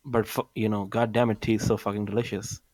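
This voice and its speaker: A man's voice: lowish voice, little pitch movement, fast talker, a little mellow, no echo, poor audio. A man from South Asia in casual stream chat, opinionated and swearing freely.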